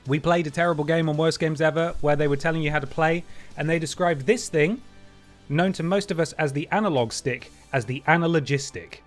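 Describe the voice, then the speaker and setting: A man's voice: on the high side, brisk, soft background music. A man hosting a game livestream, chatting wryly and thanking viewers. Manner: chatty and wry, with playful voice jumps. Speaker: livestream host. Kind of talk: casual stream chat, thanking viewers.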